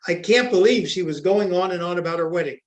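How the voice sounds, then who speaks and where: A man's voice: high-pitched, fast, lightly acted. A man voicing his disbelieving best friend. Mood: incredulous. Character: incredulous male best friend. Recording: echoey room.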